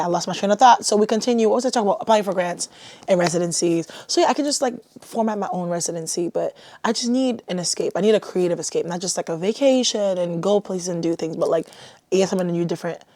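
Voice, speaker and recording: A woman's voice: on the low side, a little mellow, no room sound. A young woman from Haiti hosting her own podcast, talking casually and self-deprecatingly with lots of "like.". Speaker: podcast host. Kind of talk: casual solo podcast chat.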